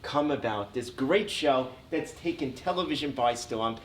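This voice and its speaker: Lively male host in an echoey hall. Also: medium pitch, moderate pace. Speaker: host and interviewer. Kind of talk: on-stage interview questions. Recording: echoey hall, heard from a distance, faint noise.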